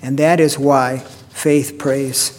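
A man preaching a sermon as pastor, earnest and measured, quieting down on prayer lines. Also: medium pitch, level tone. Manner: earnest preaching, dropping to a hushed hold on prayers. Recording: long hall reverb.

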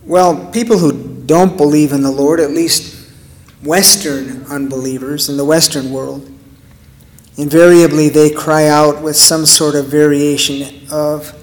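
A man preaching a sermon in an earnest way, with rhetorical questions and dramatic pauses. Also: a little high, fairly even intonation, big-room sound. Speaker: pastor.

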